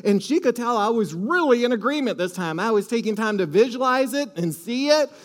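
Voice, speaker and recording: High-pitched guy preaching, storytelling big, goes quiet then bursts out loud, keeps asking the crowd for an amen. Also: a little fast. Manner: animated storytelling, swings from soft asides to loud exclamations. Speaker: pastor. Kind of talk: sermon with audience call-and-response.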